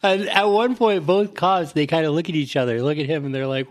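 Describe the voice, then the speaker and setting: A man's voice: on the high side, a little fast. A man chatting casually about a movie, swearing and laughing as he talks. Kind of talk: casual movie review chat.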